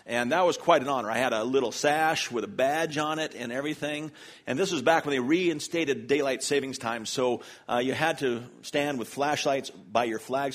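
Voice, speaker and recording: A man from the US South preaching a sermon in church, telling self-deprecating stories with humor. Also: medium pitch. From Charlotte, North Carolina, US. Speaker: pastor. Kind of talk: sermon with personal storytelling.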